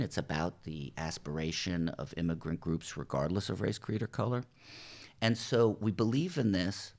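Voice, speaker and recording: A man's voice: deep voice, vocal fry. A television showrunner from New Jersey, talking casually in an interview and acting out quoted dialogue as he tells his stories. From New Jersey, USA. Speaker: television writer and showrunner, podcast guest. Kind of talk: conversational interview storytelling.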